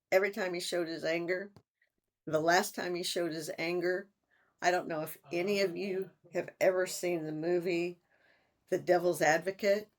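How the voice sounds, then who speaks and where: An older woman in a personal vlog, talking in a halting, reflective way with sighs and restarts. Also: lowish voice. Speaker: vlogger.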